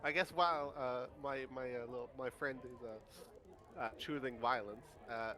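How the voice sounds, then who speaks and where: A man with a mid-pitched voice plays a tabletop game. He works out his moves aloud, hesitating and filling gaps with lots of fillers. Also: fairly even intonation, moderate pace, pushed and bright, soft background music. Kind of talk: casual game chat.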